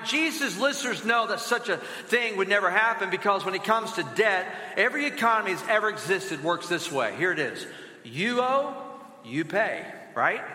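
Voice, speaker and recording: A man preaching a sermon, telling a story and asking the audience rhetorical questions, with sudden deep drops in pitch for emphasis. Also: sharp tone. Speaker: pastor. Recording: echoey hall with long reverb.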